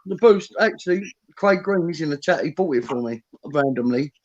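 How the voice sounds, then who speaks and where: A man joining a casual livestream as a guest, talking haltingly with lots of fillers. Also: a little high, expressive, dull audio.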